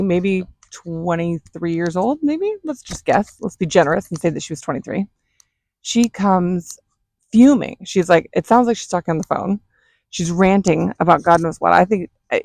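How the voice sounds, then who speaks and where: Gravelly-voiced woman telling a story. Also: lowish voice, dry recording. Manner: animated, chatty. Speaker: vlogger, mother. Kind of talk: casual storytelling.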